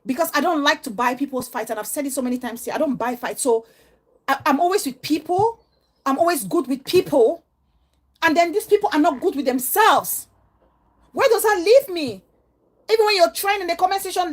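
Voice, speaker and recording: Speaking a little fast in a high, expressive voice, a middle-aged female vlogger gives her viewers a heartfelt monologue that is earnest, emotional, and preachy.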